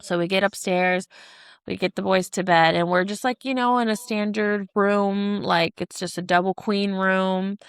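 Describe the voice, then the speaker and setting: A woman's voice: mid-range voice, steady tone, moderate pace, smooth, no room sound. A woman in her thirties co-hosting a podcast, telling a long story in casual chat, rambling with lots of "like" and restarts. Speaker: podcast co-host.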